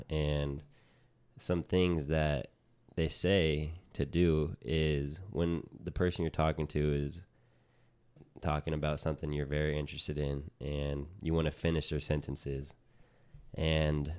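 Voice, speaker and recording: A man with an extremely deep, dark voice co-hosting a casual podcast. He talks in a relaxed way, speaking straight to his listeners. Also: clear, resonant tone. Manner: relaxed, addresses listeners as "you guys". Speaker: podcast co-host.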